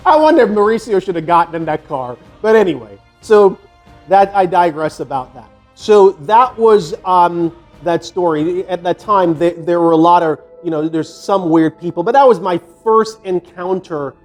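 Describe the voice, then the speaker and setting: An older man spins a loose, profane story from his youth in a slightly high voice, circling back with fillers and restarts. Soft music plays faintly under his talk. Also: expressive, moderate pace. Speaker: fitness vlogger. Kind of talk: casual storytelling.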